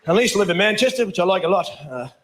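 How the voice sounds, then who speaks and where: Racing along with lively intonation and a high voice, the Australian stand-up man tears through a swaggering, profane bit on stage. The club is echoey, the laughter is loud, and the audio is very noisy.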